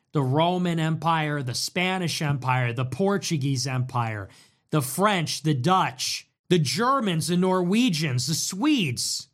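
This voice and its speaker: This livestream host is a young man whose high, lively voice swings broadly in pitch. He keeps things casual, mocking and riffing with fast, repeated phrases.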